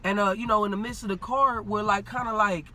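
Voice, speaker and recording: A man telling a story in casual talk, animated and full of street slang, acting out what people said. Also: high-pitched, brisk, slight background noise. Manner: animated, acts out quoted dialogue, street slang. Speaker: podcast guest.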